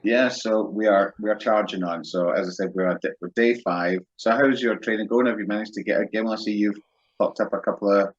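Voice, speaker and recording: A man's voice: on the low side, fairly even intonation, a little fast, dull audio. A man hosting a casual podcast chat, joking and rambling with frequent laughs. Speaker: podcast host.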